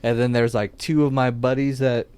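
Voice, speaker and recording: A young man spins a long, rambling story in a casual podcast chat, tossing in filler words and curses. His voice sits at an ordinary pitch, and the recording is dry and close. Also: moderate pace, smooth, dry recording. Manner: animated, swears often, lots of "like" fillers. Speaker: podcast co-host.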